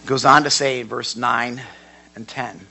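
Gravelly, bright-voiced man preaching. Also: medium pitch, fairly even intonation, normal speed, slight background noise. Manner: emphatic, repeats words, swings from quiet to loud. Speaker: Bible teacher. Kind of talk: sermon.

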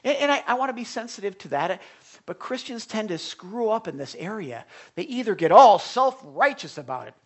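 Male pastor, slightly high voice, conversational sermon with restarts and fervent swells. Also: very animated, husky. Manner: conversational, swings from hushed asides to impassioned outbursts; halting restarts and repetitions.

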